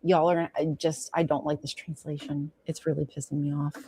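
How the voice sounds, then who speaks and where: A woman hosting a casual livestream, reading old myths aloud and breaking off for frank, animated commentary with the odd swear word. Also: sits low, moderate pace, breathy edge.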